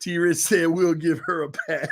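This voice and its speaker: Man, high voice, fan sports commentary, animated, shouts and laughs. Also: a little slow. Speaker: sports channel host. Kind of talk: casual fan commentary livestream.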